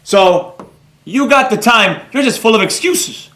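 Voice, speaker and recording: A man teaching a live trading class, blunt and excitable, rambling off on tangents while reading viewers' comments and scolding them. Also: high-pitched, a little slow, reverberant.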